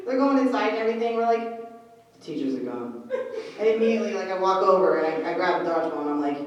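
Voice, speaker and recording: A woman's voice: medium pitch, fast, far from the mic, muffled recording. Woman telling a story, echoey hall. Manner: animated, swearing, acts out voices. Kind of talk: comedic storytelling on a convention panel. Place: large echoey convention hall.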